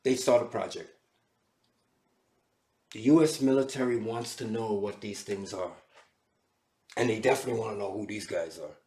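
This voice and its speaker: A man giving an animated, storytelling lecture to a class. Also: on the low side, moderate pace, long pauses. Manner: animated, dramatic retelling. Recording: echoey room.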